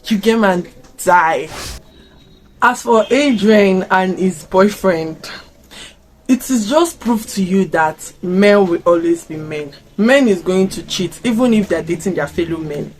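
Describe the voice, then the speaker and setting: Expressive Nigerian woman vlogging reactions. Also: mid-range voice, measured pace, a little hiss or hum. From Africa. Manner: expressive, fires off rhetorical questions. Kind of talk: casual reaction commentary.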